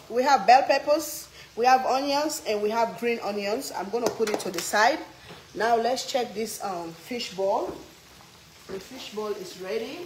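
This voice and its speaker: A woman with an African English accent chats playfully in her home kitchen as she cooks for her vlog. She teases her viewers with mock indignation and reads their comments aloud, talking at an easy everyday pitch. Faint noise hangs behind her voice. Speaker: cooking vlog host. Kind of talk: casual cooking chat while reading viewer comments.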